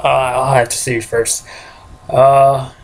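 A man's voice: medium pitch, flat delivery, slow pace. A man hosting a game let's play, rambling casually and chuckling to himself as he plays. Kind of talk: casual gameplay commentary.

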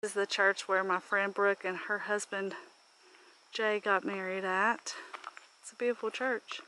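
A woman's voice: medium pitch, little pitch movement, unhurried, sharp tone, no room sound. Chatty woman vlogging on a walk. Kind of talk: casual walking commentary. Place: outdoors on a rural park road. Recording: faint outdoor ambience with insects.

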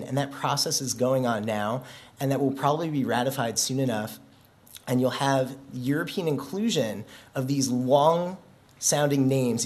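A man's voice: mid-range voice, a little mellow. A man in a mid-range voice addresses a conference audience about product regulation. He talks in an easy, conversational way and slips in self-deprecating jokes. His delivery stays light and chatty. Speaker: conference speaker, policy director. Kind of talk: humorous conference speech. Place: conference venue.

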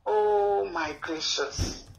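A woman's voice: mid-range voice, drawn-out words, muffled recording. Female caller, chatty and rambling, broken English, mid-range voice. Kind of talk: phone-in conversation.

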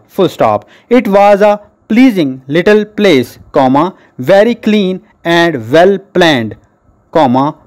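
A man reading a passage aloud slowly as shorthand dictation, saying each comma and full stop. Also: fairly high pitch, a little mellow. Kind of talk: slow dictation with spoken punctuation.

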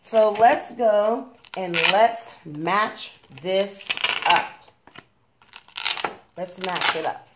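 A woman's voice: medium pitch, extremely slow, long pauses, heavy background noise. A young woman at home teaching her toddler colors and letters, patient and coaxing, with plenty of praise. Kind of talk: gentle toddler lesson at home.

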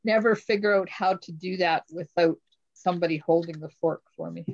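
A woman's voice: fairly low pitch, brisk, darkish tone, no echo. Gushing woman host, dull dry sound. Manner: gushing, exclaims over each item. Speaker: crafting host on a live stream. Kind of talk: casual live unboxing chat.

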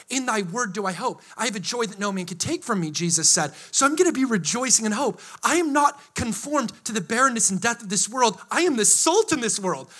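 A man preaching a sermon to a live congregation, energetic and joking with them, rising to excited shouts. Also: high voice. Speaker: pastor. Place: church hall before a live congregation.

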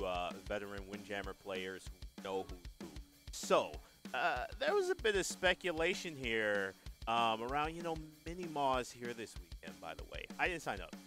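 A man doing live esports tournament commentary, hyped and joking, with loud exclamations. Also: medium pitch.

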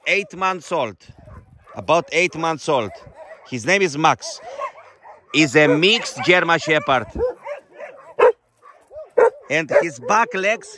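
Middle-aged male shelter founder, bright and forceful voice, halting non-native English. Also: on the high side. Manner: fond, coaxing talk to the dogs. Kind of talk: casual vlog narration. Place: animal shelter.

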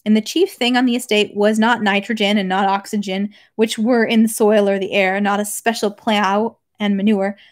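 A young woman reading a long classic novel aloud, steady, with occasional slips and restarts. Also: medium pitch, moderate pace, few pauses. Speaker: reader.

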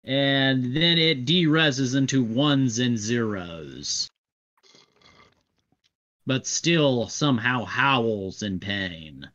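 A man narrating a tabletop game as game master, slow and full of fillers. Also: medium pitch, animated, fairly bright tone. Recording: dull lo-fi recording.

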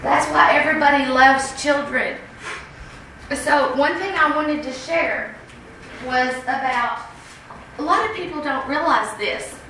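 A woman giving an earnest, insistent public comment at a school board meeting, often pausing to ask "okay?". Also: high voice, sharp tone, far from the mic, a little hiss or hum. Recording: very echoey room heard from afar.

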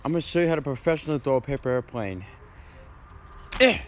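A man's voice: mid-range voice, expressive, fast talker, slight background noise. A young man performing a casual improvised comedy skit, voicing several friends who bicker in whiny, slangy banter full of fillers.

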